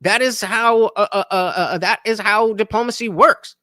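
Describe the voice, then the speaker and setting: A man's voice: high-pitched, steady tone, moderate pace, sharp tone, no room sound, studio quality. A man in his thirties hosting a livestream, reacting with rambling commentary full of filler words. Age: 30s. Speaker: livestream host.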